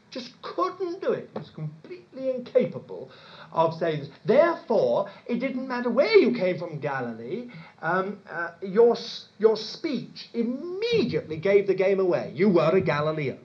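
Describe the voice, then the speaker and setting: A British man delivers a sermon in a chatty teaching manner, full of asides and self-corrections. His pitch swoops and jumps expressively from phrase to phrase. The recording is dull and lo-fi, missing its top end. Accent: British English. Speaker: preacher.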